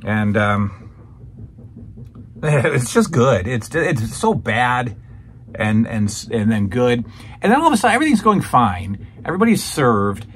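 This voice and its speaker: A man's voice: mid-range voice, sing-song, normal speed, slight background noise. A man hosting a show that reviews old wrestling broadcasts, chatting casually and rambling with many restarts and fillers. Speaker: podcast host reviewing old wrestling shows. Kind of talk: casual chat.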